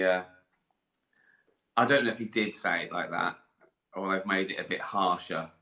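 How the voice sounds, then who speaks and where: A man's voice: on the low side, sharp tone. An older man, chatting casually on a live stream, rambling, swearing and laughing often. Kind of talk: casual chat. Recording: echoey room.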